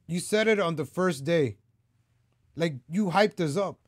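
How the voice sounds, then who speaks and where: In a high-pitched, animated but unhurried voice, a man runs his own political opinion vlog, addressing viewers directly in a heated rant that keeps circling back on itself. The sound is studio quality with no echo.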